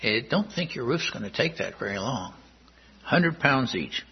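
A man, a pastor, preaching a sermon, working through Bible verses with measured explanation and reading the passages slowly. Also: mid-range voice, sing-song, slightly rough, muffled recording.

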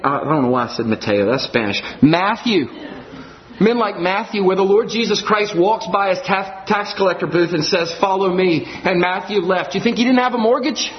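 A pastor preaching an emphatic sermon, firing off rhetorical questions to the congregation. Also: male voice, sits high, echoey room, highs cut off.

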